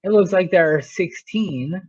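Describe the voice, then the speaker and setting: A man's voice: sits high, unhurried, muffled recording. A male teacher explaining a math lesson step by step, often checking in with "right?".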